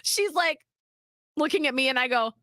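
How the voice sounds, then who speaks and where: A woman's voice: high voice, normal speed, dry recording, studio quality. A woman co-hosting a talk show, telling a personal story in casual chat and acting out the people she quotes. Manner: animated storyteller acting out quoted voices, swearing freely. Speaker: radio show co-host.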